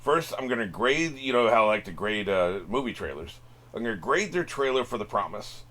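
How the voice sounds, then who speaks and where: Low-voiced man hosting a reaction video. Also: expressive, fairly quick, sharp tone. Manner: rambling, many fillers and restarts. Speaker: reaction channel host. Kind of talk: casual direct-to-camera chat.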